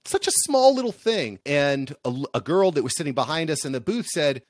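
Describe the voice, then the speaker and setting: A man from the United States, a podcast agency founder, telling stories in an upbeat, animated way as an interview guest. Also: on the high side, a little fast, dry recording, clean studio sound. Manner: upbeat, energetic, animated storyteller. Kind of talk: casual interview storytelling.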